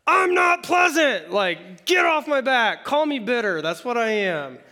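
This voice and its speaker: A man voicing a bitter grieving widow who snaps back loudly and in exasperation. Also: very high voice, sing-song, unhurried, pitched above the performer's own voice, heavily acted. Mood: bitter, exasperated. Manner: exasperated, loud retorts.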